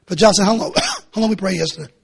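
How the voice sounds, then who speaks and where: A middle-aged man preaching a sermon, passionate and repetitive, rising to shouts and dropping to hushed pleas. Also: high voice, huge pitch swings, fast, vocal fry, husky. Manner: impassioned, repetitive, swinging between shouting and hushed pleading. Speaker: pastor.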